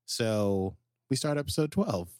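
Lively low-voiced man recapping a show. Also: measured pace, smooth, no echo, clean studio sound. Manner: animated, jumps into quoted character voices. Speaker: podcast co-host. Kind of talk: casual recap chat.

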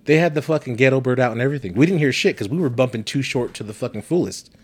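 A man's voice: medium pitch, very fast, slightly rough. A man in casual podcast chat, telling profane stories with frequent laughter. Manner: profane storytelling, laughs often, animated.

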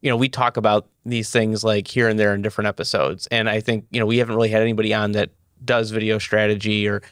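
Fast-talking low-voiced podcast host. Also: male voice, little pitch movement, fairly bright tone, smooth, no room sound, studio quality. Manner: rambling, halting restarts. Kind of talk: casual podcast interview.

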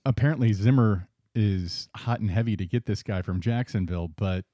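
A man co-hosting a casual sports talk show, laid-back and quick to agree. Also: on the low side, dark tone, no room sound, studio quality.

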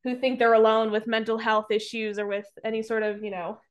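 A woman's voice: on the high side, level tone, a little fast, clear, resonant tone. A woman on a podcast retelling a movie plot in casual chat, rambling with lots of fillers and some swearing. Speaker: podcast co-host reviewing a movie.

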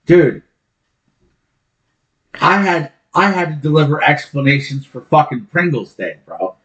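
A man's voice: a little high, very animated, measured pace, fairly bright tone. A man co-hosting a podcast, swearing freely with emphatic outbursts. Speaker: podcast co-host. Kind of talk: crude casual banter. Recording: dull lo-fi sound.

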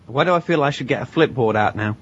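A man's voice: mid-range voice, animated, quick pace. A man joining a casual podcast chat as a guest, dropping dry one-line quips. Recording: dull lo-fi podcast audio with faint noise.

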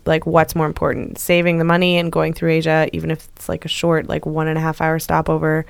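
A woman's voice: low-pitched, fast talker, creaky, clean tone, no room sound. A woman co-hosting a podcast in casual chat, laughing often as she tells stories. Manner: laughs a lot, animated storytelling. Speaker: podcast co-host.

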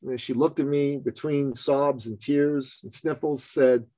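A man telling a personal business story as a podcast guest, animated and acting out the lines of people he quotes. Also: medium pitch, a little slow, no room sound. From Canada.

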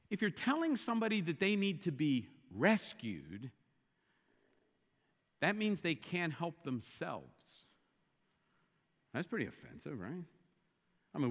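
A man preaching a sermon, animated and building to emphatic, repeated exclamations. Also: sits high, big-room sound. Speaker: pastor.

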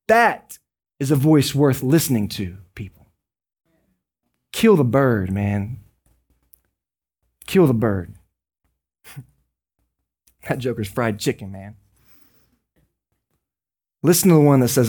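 A man preaching a sermon as a pastor, conversational and joking with quick asides. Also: medium pitch, lively intonation, darkish tone, breathy edge.

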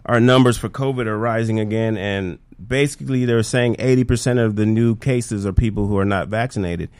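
A man's voice: lowish voice, fairly quick, darkish tone, clear, resonant tone, dry recording. A man co-hosting a radio talk show, earnestly venting his views. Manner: earnest, talks in a building rant. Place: radio studio.

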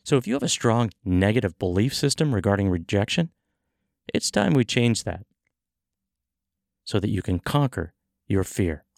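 A man hosting a podcast for sales professionals, telling stories with acted-out dialogue and coaching in a lively, motivational way. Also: lowish voice, normal speed, gravelly, pauses often. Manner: animated storytelling, acting out dialogue.

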